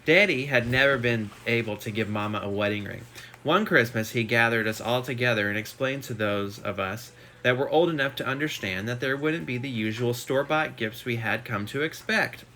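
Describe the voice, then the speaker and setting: Bright-voiced man reading aloud. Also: medium pitch, moderate pace, slight background noise. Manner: reads steadily with chatty asides. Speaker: shop owner reading a book aloud. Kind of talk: casual live read-aloud. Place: home. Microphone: phone.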